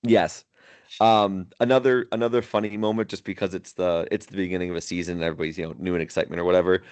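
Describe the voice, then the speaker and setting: A man with a very low, deep voice co-hosts a casual podcast. He chuckles often as he recounts funny moments and rambles loosely through his thoughts. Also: fairly even intonation, fast talker, a little mellow, smooth. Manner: laughs often while retelling funny moments; rambling, many fillers and restarts. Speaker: podcast co-host. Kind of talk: casual chat.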